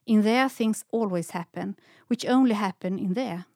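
A woman's voice: mid-range voice, normal speed, darkish tone, no room sound, studio quality, lightly acted. A woman reading a storybook, voicing a pair of noble white swans who speak politely and mysteriously.

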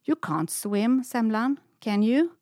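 A woman reading a storybook, voicing an excitable young female dog who asks wide-eyed questions. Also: a little high, takes it slowly, no room sound, studio quality. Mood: excited.

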